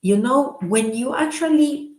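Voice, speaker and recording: A middle-aged woman, a spiritual teacher leading a recited prayer and chatting casually, soft-spoken and laughing at her own slips. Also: high-pitched, expressive, unhurried. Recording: echoey room.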